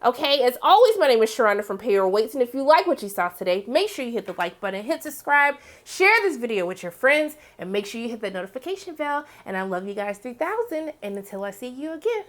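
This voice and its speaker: A woman hosting a casual TV recap, chatty and animated, full of "like" and "um" fillers. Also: quick pace, hardly any pauses. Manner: chatty, heavy use of "like" and "um"; animated, breaks into excited high exclamations. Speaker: TV series review host.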